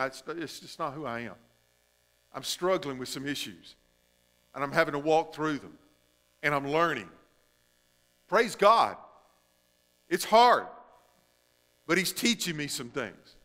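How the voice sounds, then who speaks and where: A male pastor preaching a sermon, shifting between emphatic stretches and hushed, drawn-out phrases. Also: fairly high pitch, long reverb tail.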